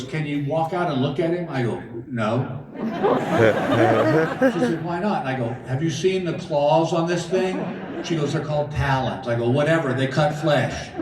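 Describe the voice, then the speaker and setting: A middle-aged man with a voice on the high side performs folksy stand-up stories at a large casino theater, acting out each conversation from both ends. Captured distantly in a roomy live hall, the audio carries background noise and audience laughter.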